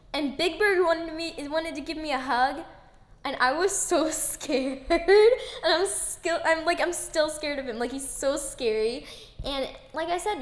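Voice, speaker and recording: A woman hosting her own podcast alone, chatting in a bubbly, rambling and excitable way. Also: a little high, echoey room. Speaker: podcast host. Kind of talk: casual solo podcast chat.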